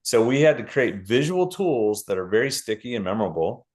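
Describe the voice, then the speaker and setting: A middle-aged man, a guest author explaining ideas in a casual interview with lists and quick examples. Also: on the low side, sing-song, darkish tone.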